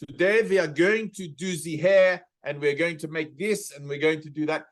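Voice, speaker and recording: A man's voice: a little high, normal speed, lightly acted. A man voicing a flamboyant, passionate male celebrity hairdresser with a vaguely Italian or Maltese accent, gushing and theatrical.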